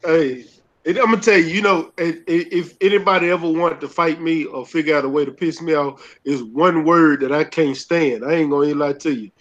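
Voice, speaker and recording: A Texan man holds forth in casual podcast banter, emphatic and profane, with a fairly high voice. His audio is muffled and lo-fi, like a web call. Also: steady tone, brisk, fairly bright tone. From Texas. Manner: emphatic, laughing, swears freely.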